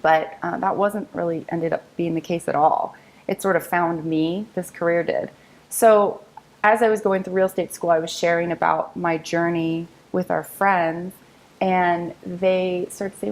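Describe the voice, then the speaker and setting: Recorded with poor audio, a real estate agent in her thirties speaks a little slowly in a fairly low voice as an interview guest. She recounts her career with upbeat storytelling, acting out what others said in lively voices.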